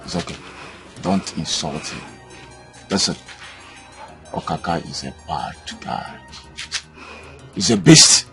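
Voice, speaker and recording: A man with a Nigerian accent acting in a film, playing a brother who calms his sister and gives firm orders. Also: low voice, slow, long pauses, music in the background. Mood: calming. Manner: calming, firm. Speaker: elder brother.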